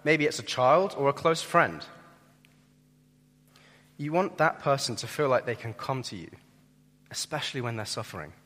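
A young man preaches to a congregation in an earnest, emphatic sermon voice of middling pitch. His delivery swells for key points and drops low for the heavier moments. His voice carries the long reverb of a large hall. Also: expressive, normal speed, long pauses, fairly bright tone. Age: young adult.

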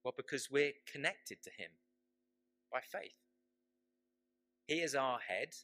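A man preaching a sermon, slow and emphatic, repeating his key phrases for weight. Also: mid-range voice, lively intonation, bright, forceful tone.

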